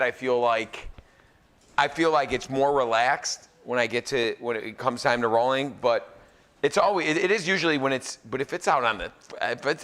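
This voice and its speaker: Bright-voiced joking man hosting a demo. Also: mid-range voice. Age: 40s. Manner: joking, teasing the crowd. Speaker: celebrity chef host. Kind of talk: live cooking demo banter. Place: pizza academy kitchen before a live audience.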